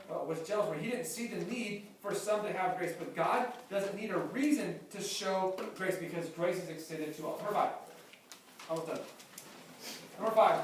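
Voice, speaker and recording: A man's voice: high-pitched, a little hiss or hum. A man preaching a sermon as pastor, emphatic and repeating his key phrases. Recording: very echoey hall, mic far off.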